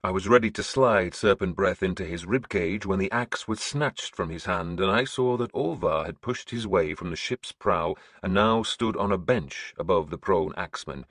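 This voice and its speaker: A man narrating an audiobook in a grim, measured storytelling manner. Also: deep voice, a bit bright, slightly rough, no room sound, studio quality.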